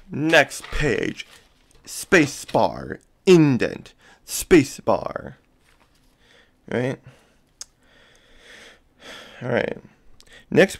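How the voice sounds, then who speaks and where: A man's voice: mid-range voice, gravelly. A man ranting casually to camera, rambling with many fillers and asides and swearing in exasperation. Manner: profane, exasperated. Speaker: vlogger. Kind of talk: casual rant.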